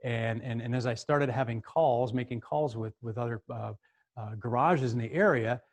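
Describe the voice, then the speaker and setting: A middle-aged man giving a storytelling talk, animated and repeating words as he goes. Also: medium pitch, moderate pace. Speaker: speaker.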